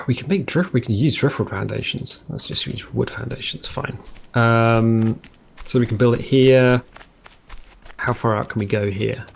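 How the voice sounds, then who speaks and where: Brief: male game host, medium pitch, loose rambling let's-play commentary, keeps breaking off his own sentences, recorded at home. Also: gravelly, a little hiss or hum. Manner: rambling, self-interrupting, jokey tangents. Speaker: gaming video host.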